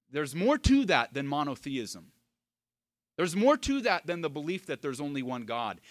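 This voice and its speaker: A man preaching a sermon to his congregation, swinging from hushed, low passages to loud, emphatic peaks. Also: no room sound, clean studio sound. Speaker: pastor.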